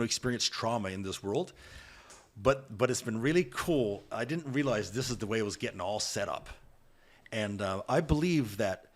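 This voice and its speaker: A man talking earnestly and emphatically as a podcast guest, with frequent restarts. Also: on the low side. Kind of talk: candid podcast conversation.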